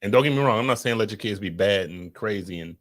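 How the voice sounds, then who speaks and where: A man's voice: lowish voice, quick pace. Male podcast co-host, a dad, casual and preachy, swears freely. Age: adult with children. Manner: loose, preachy, profane, talks to viewers.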